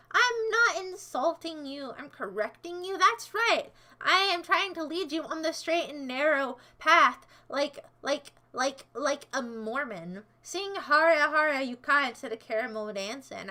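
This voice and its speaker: A woman's voice: high-pitched, lively intonation, normal speed, hardly any pauses, bright, forceful tone. A woman livestreaming in a casual chat, answering her viewers in a playful, goofy way that jumps between silly voices and asides.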